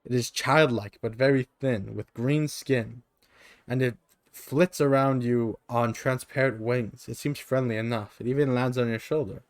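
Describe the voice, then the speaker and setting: A man's voice: medium pitch, steady tone, unhurried, dry recording, clean studio sound. A male streamer reading an interactive gamebook aloud, plain narration with offhand asides into a streaming mic. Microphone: streaming microphone.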